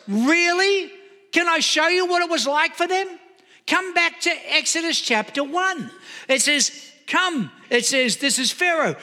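Male preacher, very high and sharp voice, emphatic sermon, long hall reverb. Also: lively intonation, measured pace. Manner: emphatic, asks the audience rhetorical questions.

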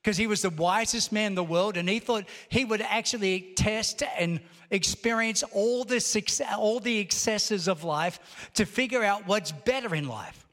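In a large church auditorium with long hall reverb, a male pastor with a high, fairly bright voice preaches at a moderate pace. He tells a story and builds up to emphatic exhortations to the congregation.

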